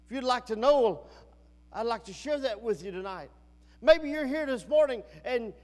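A man preaching a sermon to a church congregation, rising and falling in pitch and slowing down to stress his points. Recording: long hall reverb.

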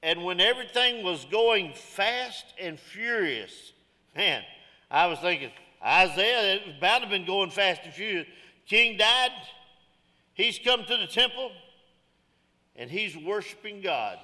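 A man's voice: high voice, expressive, measured pace, sharp tone, big-room sound. A middle-aged man, preaching a sermon in a church with folksy call-outs and jokes. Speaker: pastor.

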